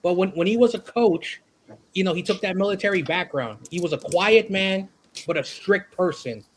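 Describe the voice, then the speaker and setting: High-voiced man, halting storyteller. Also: slight background noise, poor audio. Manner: halting, repeats words. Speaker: podcast co-host. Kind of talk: casual storytelling.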